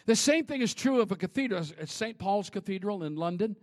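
Man, high voice, sermon in a church, hushed whispers to loud shouts. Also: a little fast, hardly any pauses. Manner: animated preaching, swings from hushed whispers to shouts. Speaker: pastor. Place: church sanctuary.

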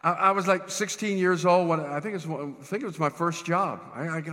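Male preacher, bright and animated, humorous storytelling, reverberant church sound. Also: fairly high pitch, fairly quick, few pauses. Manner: animated, self-deprecating, stumbles and restarts. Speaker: pastor. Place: church sanctuary.

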